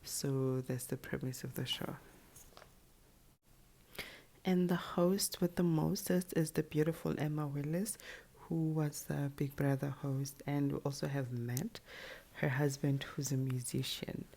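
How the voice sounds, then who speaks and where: Low gravelly woman chatting casually. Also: steady tone, mellow. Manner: chatty, with quick sassy asides. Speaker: reality show commentator. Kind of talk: casual show recap to camera.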